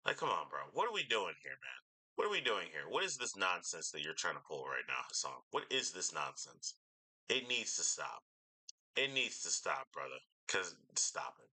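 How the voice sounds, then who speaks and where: A young man giving reaction commentary, ranting in an exasperated, animated way. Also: deep voice, normal speed, slightly rough. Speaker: commentary YouTuber.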